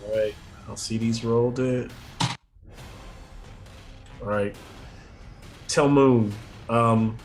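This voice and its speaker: A man running a tabletop game as game master, laid-back and hesitant, filling pauses with "um" and "like". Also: medium pitch, fairly even intonation. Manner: laid-back, hesitant, many fillers, laughs often.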